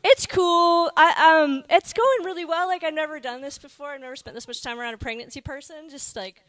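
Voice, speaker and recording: A woman's voice: high-pitched, fairly quick, a bit bright. Rambling wry woman doing stand-up. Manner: rambling, lots of filler words, wry. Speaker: stand-up comedian. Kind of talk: stand-up comedy set. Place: comedy stage with live audience.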